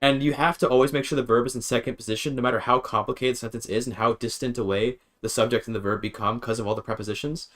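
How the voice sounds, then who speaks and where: A man's voice: mid-range voice, steady tone, fast talker, hardly any pauses, a bit bright. A man streaming a game, rambling and thinking aloud, often interrupting himself and swearing casually. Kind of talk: casual gaming stream chat.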